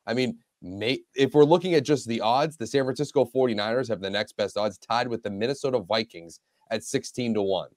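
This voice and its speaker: Man co-hosting a sports podcast, laid-back and easygoing, mid-pitched voice, dry sound. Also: fairly quick, hardly any pauses, a little mellow, dry recording. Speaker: podcast co-host. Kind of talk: casual sports chat.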